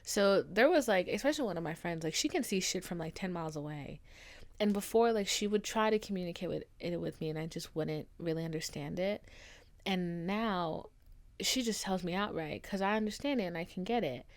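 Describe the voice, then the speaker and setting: A woman's voice: fairly low pitch, animated, brisk. A young woman hosting her own podcast, talking casually with lots of fillers and an affectionate tone toward listeners. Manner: chatty, frequent fillers, affectionate sign-off. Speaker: podcast host. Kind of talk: casual solo podcast chat.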